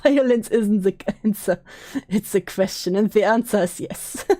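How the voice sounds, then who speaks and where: A woman's voice: medium pitch, warm tone, no room sound, clean studio sound. A young woman talking casually on a stream, emotional and swearing, laughing often.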